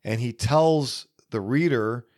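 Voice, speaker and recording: A man hosting a podcast, giving casual solo film commentary in an unhurried, musing way with many pauses. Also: medium pitch, darkish tone. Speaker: podcast host.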